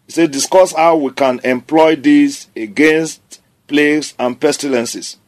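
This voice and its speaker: A man's voice: fairly high pitch, unhurried. A man preaching a sermon, declaring scripture emphatically and repeating key phrases.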